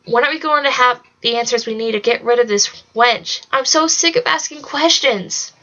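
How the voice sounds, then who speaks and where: A woman's voice: on the high side, moderate pace, bright, forceful tone, highs cut off. A woman reading a sarcastic, fed-up boy. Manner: blunt and sarcastic. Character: frustrated, sarcastic boy twin.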